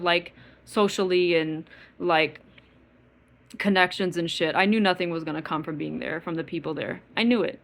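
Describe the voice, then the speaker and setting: A woman's voice: lowish voice, fairly bright tone. A woman with an East Coast American accent rants to her viewers in a loose, casual way. Her talk is bitter and full of swearing, with words repeated and filler likes at every turn. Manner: bitter, profane, repetitive ranting with many filler likes. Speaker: vlogger. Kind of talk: casual rant to camera.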